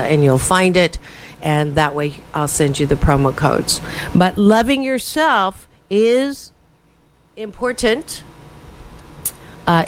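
A woman hosting a morning radio talk show as a happiness coach, giving self-help advice in an animated way with quick asides, speaking from a studio. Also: lowish voice, slight background noise, low-quality recording.

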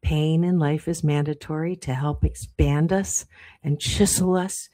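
Brief: deep-voiced female speaker, heartfelt and halting, dry close mic. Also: steady tone, warm tone, no echo. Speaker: motivational speaker. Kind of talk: personal motivational talk with a story.

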